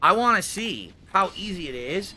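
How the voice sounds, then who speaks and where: With a high-sitting, pushed, bright voice and big pitch swings, a man talks at a moderate pace over slight background noise. Broadcasting from his room at home, its wall covered in foam soundproofing, he makes casual conversation with viewers and muses aloud during a hands-on task.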